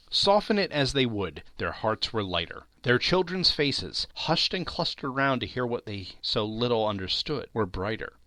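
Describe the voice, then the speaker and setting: Lively, bright male audiobook narrator. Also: medium pitch, dry recording. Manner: expressive, voicing characters in quotes. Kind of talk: scripted narration.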